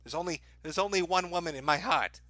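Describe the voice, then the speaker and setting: Guy streamer reading donations, kinda high sharp voice, offhand and crude, lots of uhs. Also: fairly quick, dry recording. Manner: dry, offhand reading with frequent "uh" fillers; crude, irreverent humor. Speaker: livestream host.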